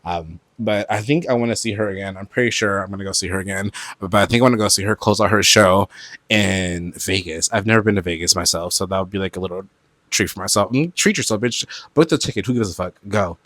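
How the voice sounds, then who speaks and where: A man from Brooklyn hosting a solo podcast, talking in a profane, animated way with loud outbursts and laughter. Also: deep voice, fast, dry recording. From Brooklyn, New York. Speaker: podcast host. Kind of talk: solo casual podcast chat.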